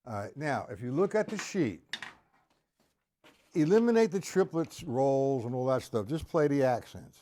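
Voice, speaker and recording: A man teaching a live-streamed drum lesson, patiently explaining and counting rhythms out loud, with faint drumming behind him. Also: mid-range voice, animated, normal speed, over loud music.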